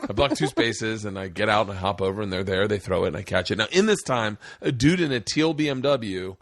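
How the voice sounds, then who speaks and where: A middle-aged man hosting a podcast in casual chat, telling stories with lots of swearing and loud acted-out quotes. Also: lowish voice, brisk, no echo, studio quality. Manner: profane, animated storyteller, acts out quotes with sudden loud jumps. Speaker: podcast host.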